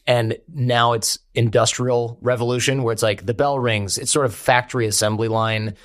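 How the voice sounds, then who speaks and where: A man, a podcast guest telling stories in an animated way and quoting people in character. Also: mid-range voice, moderate pace, dry recording. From United States. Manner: animated storyteller, quotes others in character. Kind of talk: conversational interview.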